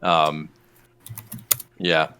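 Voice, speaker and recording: A man's voice: extremely low pitch, flat delivery, extremely slow, pushed and bright, clean tone. A man playing a tabletop role-playing game, talking hesitantly with lots of ums. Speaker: player.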